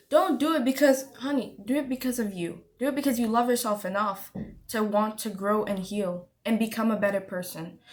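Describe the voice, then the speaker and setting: Brief: woman vlogger, high voice, emphatic motivational talk to camera, lots of repetition and "honey". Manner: emphatic, repeats lines, calls listener honey.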